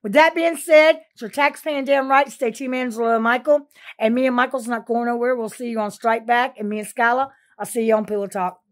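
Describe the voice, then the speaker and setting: A woman giving a bawdy, joking birthday shout-out. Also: on the high side, fairly even intonation, fairly quick.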